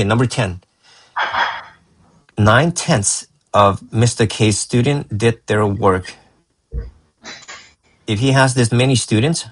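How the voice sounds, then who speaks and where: A man's voice: lowish voice, breathy edge, dry recording, low-quality recording. A man tutoring math and going over a student's work, encouraging and rambling, often restarting his sentences.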